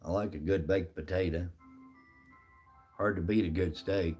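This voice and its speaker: A middle-aged man with a fairly low voice talks casually on a live stream. He is folksy and chatty, reading out viewers' names and answering each of them in an easygoing way. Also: steady tone, normal speed, darkish tone, slightly rough, soft background music. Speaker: livestream host reading chat.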